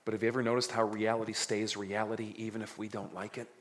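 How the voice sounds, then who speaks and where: A man's voice: fairly low pitch, little pitch movement, fast talker, a bit bright. A man preaching a sermon, reading scripture dramatically and adding casual jokes. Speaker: pastor. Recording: reverberant hall.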